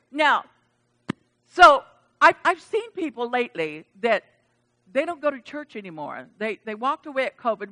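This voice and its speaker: A woman's voice: sits high, bright, forceful tone. A woman pastor preaching a sermon, emphatic and chatty, with casual asides to the congregation.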